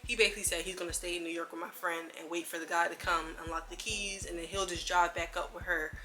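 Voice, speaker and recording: Animated young woman telling a storytime. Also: on the low side, fast talker, faint music behind. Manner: animated, slangy storytelling with quoted dialogue. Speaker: vlogger. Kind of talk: casual storytime.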